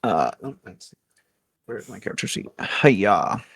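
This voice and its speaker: A man's voice: lowish voice, sing-song, a little fast, gravelly, husky, dry recording. A man playing in a tabletop game, sounding unsure and checking the rules with questions. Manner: unsure, asks about rules. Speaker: player. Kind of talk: casual tabletop play.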